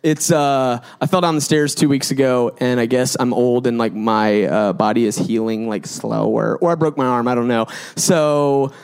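A man's voice: mid-range voice, normal speed, few pauses, darkish tone, clean tone. A man, giving a humorous, chatty sermon to a live crowd with lots of fillers and self-deprecating asides. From Georgia, United States. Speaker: preacher.

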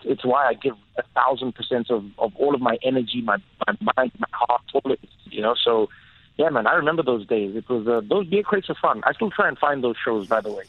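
A South African man, a comedian guest, telling stories in an animated way on a casual radio interview. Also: mid-range voice, dry recording. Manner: animated, storytelling, laughing easily. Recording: tinny, phone-like, dry radio sound.

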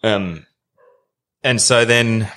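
Australian man in his 30s, deep, relaxed yarn-spinning guest. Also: drawn-out words. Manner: animated, colloquial yarn-spinner. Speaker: podcast guest. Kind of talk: casual storytelling.

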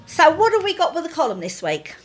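A woman co-hosting a casual chat, teasing her friend with quick quips and laughter. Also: very high voice, huge pitch swings, loud music behind the voice. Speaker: podcast co-host.

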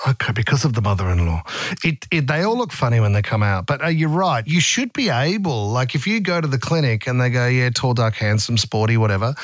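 A man co-hosts a comedy podcast, riffing on jokes in playful casual banter. His pitch bounces around animatedly, and the sound is close and dry with no room echo. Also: very animated, brisk. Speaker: podcast co-host.

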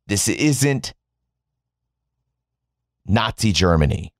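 A man's voice: medium pitch, wildly swooping pitch, slow, long pauses, no echo, clean studio sound. Sarcastic man ranting. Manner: mocking, sarcastic, emphatic swings in tone; swears freely. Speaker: commentator. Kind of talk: sarcastic political rant.

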